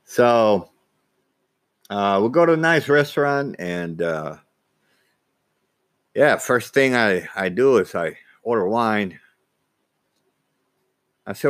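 A man telling a personal story casually, halting, with frequent restarts and repeated words. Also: lowish voice, expressive, fairly bright tone, no echo. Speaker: vlogger.

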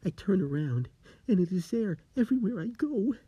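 A man's voice: high-pitched, big pitch swings, moderate pace, husky, dry recording, lo-fi sound, voice pushed up, full character voice. A man voicing a frightened, giggling man haunted by something, in a spooky story, speaking in a panicky, manic rush. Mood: frantic. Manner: panicky, manic, breathless pleading.

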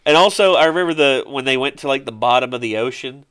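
A man hosting a laid-back podcast, rambling through stories with lots of "like" and "uh". His voice is bright and crisp, smooth and clean. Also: medium pitch, fast talker. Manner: rambling, animated storytelling with fillers. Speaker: podcast host. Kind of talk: casual chat.

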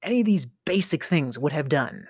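A man's voice: a little high, animated, a little fast, slightly rough, no echo, studio quality. A middle-aged man hosting a podcast, telling a storytelling rant in a theatrical way, with sighs, stammers and sudden whispers. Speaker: podcast host.

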